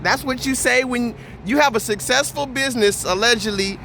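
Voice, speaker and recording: A man with a fairly high voice rants through a vlog story, blunt and animated, swearing freely. His delivery is heated and conversational, and a faint noise sits underneath. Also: normal speed, vocal fry. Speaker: vlogger. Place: Houston area.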